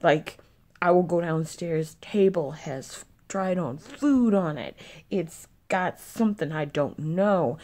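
A woman's voice: fairly low pitch, lively intonation, slow, mellow. A young woman vlogging casually, venting in an irritated way and swearing often. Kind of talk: casual vlog chat.

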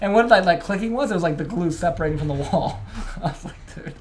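A man's voice: high voice, expressive, fast talker, a little hiss or hum. A young man co-hosting a podcast in casual chat, laid-back and swearing a lot, calling his friend bro and dude. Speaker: podcast co-host.

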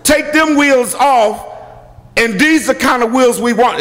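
A bishop delivers his sermon in a very high, sharp voice. He repeats his points and keeps breaking into shouts. His words ring with the long echo of a church hall. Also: unhurried. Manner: emphatic, repetitive, bursts into shouting. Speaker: bishop and pastor. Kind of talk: preaching a sermon. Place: church sanctuary.

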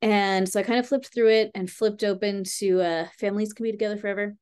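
A woman with a mid-range voice talks to camera about healing work in a relaxed, chatty vlog. Her delivery is heartfelt and a little rambling, full of "like" and "you know." She addresses the viewer directly and warmly. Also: medium pitch, fast talker, smooth. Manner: earnest, rambling, heavy use of "like" and "you know"; heartfelt, speaking straight to viewers. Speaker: spiritual healing teacher. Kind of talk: casual spiritual vlog talk.

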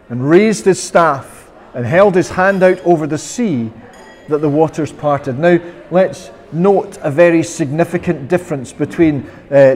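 A man's voice: fairly high pitch, a little mellow. A Scottish man preaching a sermon as minister, earnest, sometimes voicing prayers with sudden passion. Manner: earnest, quoting prayers in an impassioned voice. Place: church. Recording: long church reverb.

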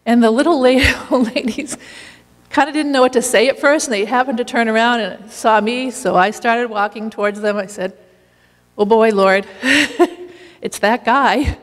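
Lady telling a story at church, kinda high voice, laughs a lot, big echoey hall. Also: brisk. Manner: storytelling, lively, laughing often. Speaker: community meal volunteer leader. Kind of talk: personal testimony in church.

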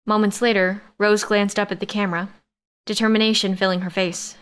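A woman gives a steady, expressive reading of a science-fiction romance written in the first person. Her voice sits at a normal middle pitch and holds an even narrative flow, brisk in pace and clear with a resonant tone.

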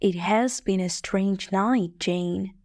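A woman voicing a brooding gentleman, the master of the house, in a slow, plain, clearly spoken audiobook reading for learners. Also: medium pitch, no echo, studio quality.

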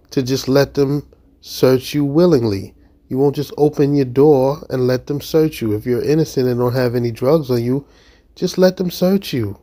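A man's voice: mid-range voice, dark tone. A man giving casual, incredulous commentary over a video clip. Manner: incredulous, judgmental. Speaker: reaction commentator.

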